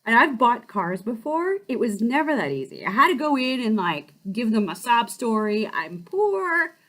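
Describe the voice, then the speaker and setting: A woman who hosts a life-coaching channel, telling a personal story in a casual, animated way with quick restarts. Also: a little high.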